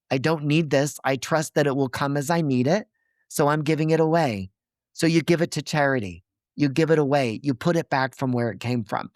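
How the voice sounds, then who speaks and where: A man's voice: medium pitch, no echo, clean studio sound. A man as a podcast guest, explaining his ideas earnestly and checking in with his listener as he goes. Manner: didactic, checks in with "okay?" and "right?".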